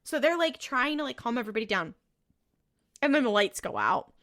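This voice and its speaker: Woman, podcast co-host, bright voice, slightly high, laughing profane storytelling. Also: very animated, a little fast. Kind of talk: casual episode recap.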